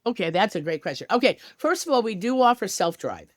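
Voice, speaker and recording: On a travel podcast, a woman from a tour company chats upbeat and fast, tossing in lots of casual asides during an enthusiastic interview. Her mid-range voice swings widely in pitch, and the recording is dry with clean studio sound.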